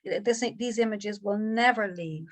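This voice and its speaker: A woman's voice: mid-range voice, a little slow, natural voice. Woman doing a distraught young man, stammering, fretful. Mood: distressed.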